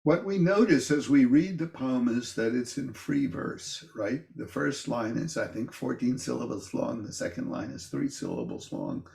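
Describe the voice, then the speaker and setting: An older man teaching an informal poetry class. He talks in a thoughtful, halting way with many restarts and fillers. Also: sing-song, vocal fry, a little mellow, reverberant. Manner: livelier and higher when reading verse aloud.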